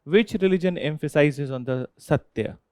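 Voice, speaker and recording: A man's voice: fairly high pitch, moderate pace, darkish tone, clean tone, no echo. Indian man lecturing a history class. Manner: quizzes students, repeats key phrases, tags with "okay?". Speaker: history teacher.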